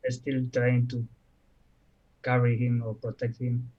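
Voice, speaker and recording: A man playing a tabletop game who speaks in a low-key, quiet way. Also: monotone, slow pace. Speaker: player. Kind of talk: casual tabletop game talk. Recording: dull lo-fi mic.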